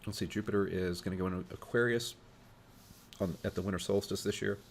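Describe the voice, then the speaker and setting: A man with a very low, gravelly voice talks through charts in a loose, thinking-aloud way, full of fillers and restarts. A faint background hum sits under his voice. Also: steady tone, quick pace. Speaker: astrologer host. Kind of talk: informal talk walking through charts.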